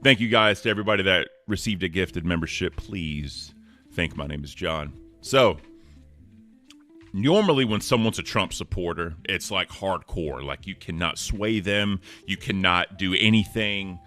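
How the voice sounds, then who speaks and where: Deep-voiced upbeat man on a stream. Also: animated, moderate pace, bright, forceful tone, faint music behind. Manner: upbeat, thanks chat members by name. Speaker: co-host. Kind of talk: casual livestream chat.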